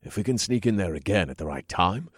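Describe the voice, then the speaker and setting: A man narrating a first-person fantasy audiobook in a calm, even storytelling manner, close to a studio mic. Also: low-pitched, quick pace, breathy edge, dry recording.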